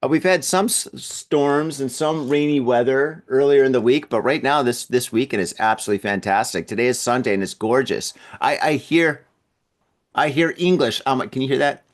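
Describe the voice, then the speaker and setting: A man hosts a relaxed podcast from home, speaking at a middle pitch. He rambles along in an easygoing, chatty way and often doubles up on words as he goes. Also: moderate pace. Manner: rambling and chatty, with frequent word repeats. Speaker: podcast host. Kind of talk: casual podcast chat.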